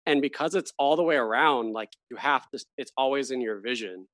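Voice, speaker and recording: A man talks casually as a podcast host, chatty and easygoing, with frequent laughs and sentences that trail off. His voice sits at an ordinary middle pitch. The sound is dry and close, with no room echo. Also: fairly quick, a bit bright. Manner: chatty, laughs often, trails off mid-thought. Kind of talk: casual chat.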